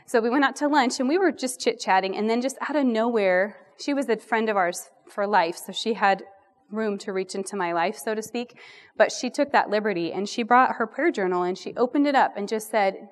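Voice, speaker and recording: Brief: middle-aged woman, warm rambling women's ministry speaker, self-deprecating asides, sermon delivery. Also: mid-range voice, moderate pace. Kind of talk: sermon-style Bible teaching.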